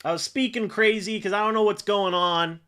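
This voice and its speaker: A man hosting a live football reaction stream for his chat, excitable and swinging between loud disbelief and deflated muttering. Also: high voice, a little fast, smooth. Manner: talks to chat. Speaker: fan livestream host. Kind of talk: live game reaction commentary.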